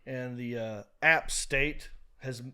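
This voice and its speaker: A man from North Carolina with a North Carolina accent, a guest comedian in a casual podcast chat, telling lively stories and acting out the voices of people he quotes. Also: medium pitch, slow pace, smooth. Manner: animated storyteller who acts out quoted voices.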